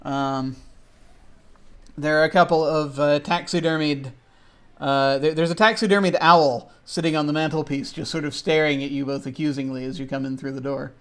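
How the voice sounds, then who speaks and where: A man running a tabletop game as game master, narrating with lots of pauses and fillers. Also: fairly high pitch, steady tone, a bit bright. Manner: hesitant, many fillers.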